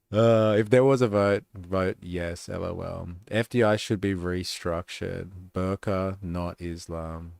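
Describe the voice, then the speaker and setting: A man's voice: deep voice, steady tone, slow pace, vocal fry, few pauses, a little mellow, no echo, clean studio sound. A man hosting a live stream, reading comments and policies aloud with sarcastic, muttered asides.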